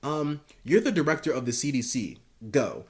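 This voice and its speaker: A man's voice: fairly high pitch, sing-song, moderate pace, pitched above the performer's own voice. A man voicing an arrogant, domineering male superhero leader who talks in curt, mocking orders. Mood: dismissive.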